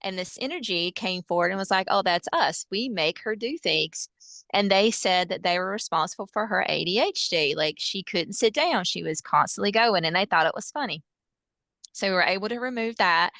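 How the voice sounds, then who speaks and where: A woman with a bright, tense-edged voice tells stories in an animated, chatty way. Her tone is smooth and clear, full of fillers and acted-out quotes. The recording is close and dry. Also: mid-range voice, no room sound. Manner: lively, filler-heavy retelling with quoted dialogue. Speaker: hypnosis practitioner guest. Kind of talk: animated storytelling in casual chat.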